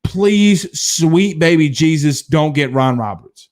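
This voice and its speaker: A man in his thirties from Louisiana hosting a casual sports stream, reading viewer comments and telling stories in a blunt, animated way. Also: fairly high pitch, slow pace. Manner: animated storyteller, hums drum beats, blunt. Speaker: sports show host.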